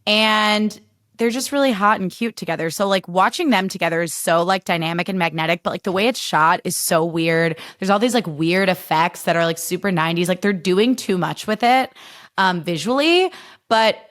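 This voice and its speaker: A woman's voice: fairly low pitch, moderate pace, a bit bright. A woman in her thirties from Illinois, hosting a solo podcast in a chatty, emphatic way, full of fillers and swearing. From Illinois, USA. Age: 30s. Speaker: podcast host. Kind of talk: casual solo podcast chat.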